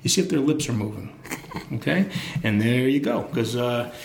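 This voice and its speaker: A man's voice: mid-range voice, moderate pace, creaky, roomy sound, background noise. A man who is a designer, talking casually and rambling in a live podcast interview, with many restarts and jokes. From Pacific Northwest. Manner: rambling, self-interrupting, jokey. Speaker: guest designer. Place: live event in a university building.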